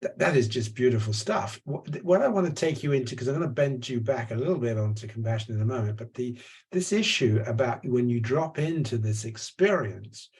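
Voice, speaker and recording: A man's voice: medium pitch, animated, a little fast, a little mellow, slightly rough. A man interviewing a guest, asking thoughtful, rambling questions.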